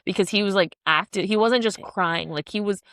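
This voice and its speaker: A woman in her thirties tells a story in animated, frank chat on a podcast. Her voice carries a gravelly edge. It sounds dry and close, with no room around it. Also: mid-range voice, fairly quick, no echo. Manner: animated storytelling with swearing and acted-out quotes. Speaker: podcast co-host. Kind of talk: casual chat.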